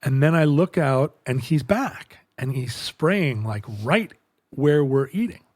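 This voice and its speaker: A man's voice: on the high side, animated, takes it slowly, a little mellow, no echo, clean studio sound. A middle-aged man telling a long, rambling anecdote in casual chat, breaking off mid-sentence and acting out the dialogue. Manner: rambling, self-interrupting anecdote with quoted dialogue. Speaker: podcast host.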